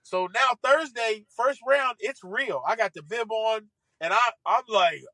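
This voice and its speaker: Guest storyteller: man, high and bright, animated and quick to laugh, dry close sound. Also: no room sound. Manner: lively, acts out voices, laughs often.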